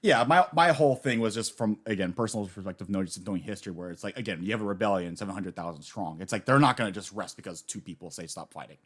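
Excitable man chatting about anime. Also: fairly low pitch, quick pace, few pauses, husky. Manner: animated, excitable, swings from quiet to loud. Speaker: podcast co-host. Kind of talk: casual anime discussion.

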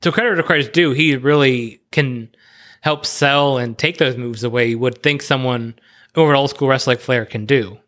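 A man's voice: medium pitch, a bit bright. A man on a podcast giving his opinions on a wrestling match in casual, opinionated talk that speeds up in bursts. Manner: chatty opinionated analysis, quickens in bursts. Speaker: podcast co-host. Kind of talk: casual discussion.

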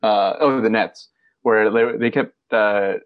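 Rambling low-voiced man, dull mic. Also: steady tone, takes it slowly, no room sound. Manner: rambling, filler-heavy, joking. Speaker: podcast co-host. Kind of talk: casual sports chat.

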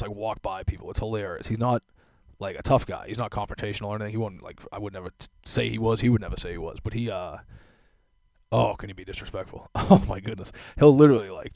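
A young man, rambling through a story and swearing freely, with laughs tossed in. His voice sits fairly low. The sound is dry and close, with no room echo. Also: darkish tone. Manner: profane, rambling, laughing asides. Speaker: solo vlogger. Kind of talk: casual storytelling monologue.

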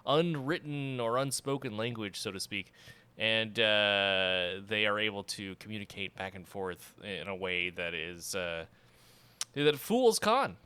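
A man's voice: on the low side, animated, a little slow, bright, forceful tone, smooth. A man co-hosting a casual movie discussion, rambling with many fillers and laughing often. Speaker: podcast co-host.

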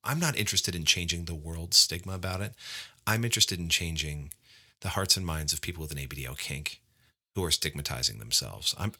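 A man's voice: sits low, brisk, pushed and bright, breathy edge. A man co-hosting a podcast, asking questions and talking in an encouraging, reflective way. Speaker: podcast co-host. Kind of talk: casual interview chat.

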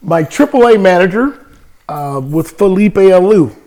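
A man in his sixties from California, a former ballplayer, telling stories in a relaxed interview with lots of fillers and laughs. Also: high voice, measured pace. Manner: animated anecdote telling with frequent laughs and fillers. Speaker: podcast guest, former baseball player. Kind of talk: casual storytelling interview.

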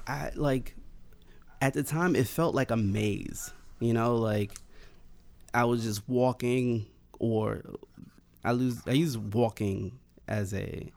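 A man with a gravelly, creaky voice recounts a personal experience in loose, casual talk. He rambles, circles back on himself and fills his sentences with "like" and restarts. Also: fairly low pitch, a little mellow.

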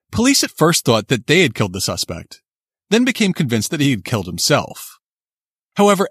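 A man narrates a true-crime tale in a slightly husky voice, his pitch moving expressively. He tells the story steadily and builds suspense. The recording is close and dry. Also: a bit bright, no room sound.

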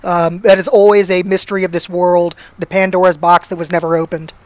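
A man's voice: high voice, level tone, a little fast. A man casually telling a long, self-deprecating anecdote. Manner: laid-back, self-deprecating storytelling. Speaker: storyteller guest.

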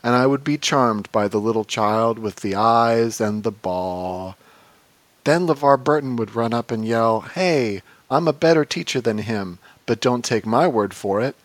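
A man's voice: medium pitch, measured pace, dry recording, natural voice. A man doing a rambling older male entertainer. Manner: rambling, food tangents, mumbled "a baw" tics. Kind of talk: comedic impression in a podcast.

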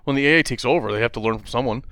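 Man, mid pitch, laid-back, dry remarks, close dry recording. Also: racing, fairly bright tone, dry recording. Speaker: podcast co-host. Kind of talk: casual comic book podcast chat.

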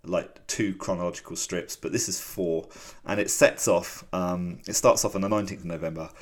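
A low-voiced man co-hosts a podcast, speaking at normal speed in a steady tone. He chats casually about comic strips, rambling a little and using fillers.

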